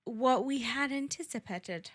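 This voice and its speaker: A woman's voice: high voice, measured pace, no room sound, studio quality. A woman hosting a podcast in casual chat, bantering bluntly and joking. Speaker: podcast host.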